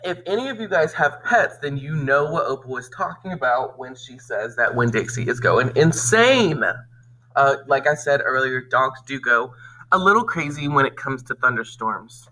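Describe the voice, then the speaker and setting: Teacher read-aloud: man, bright, lively, animated, chats with the class between pages. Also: mid-range voice, moderate pace, rough recording. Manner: animated storytelling, corrects own slips aloud. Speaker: teacher reading a book to students. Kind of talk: reading a children's novel aloud with comments.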